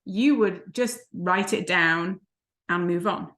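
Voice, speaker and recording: A woman's voice: fairly low pitch, slow, a bit bright. A woman, a life coach co-hosting a vlog, telling stories in casual chat and laughing often. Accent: non-American, unplaced. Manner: chatty storyteller who laughs often.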